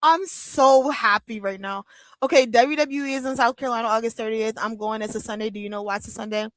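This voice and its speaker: A young woman with a high voice reacting live as she hosts a watch-along stream. She talks excitably, squeals and breaks into laughter. The sound is dry and close, with no room around it. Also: a little fast, dry recording. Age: young adult. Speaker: livestream watch-along host.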